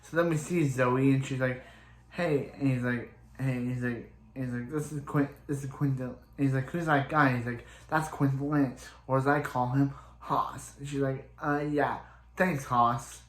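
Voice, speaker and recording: A man talking through a recap in a loose, rambling way, stumbling and restarting often. He sounds roomy and echoey, as if recorded in a bare room. His pitch sits in the middle range for a man. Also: steady tone. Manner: rambling, halting retelling full of restarts and "he's like". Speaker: show reviewer. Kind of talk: casual episode recap.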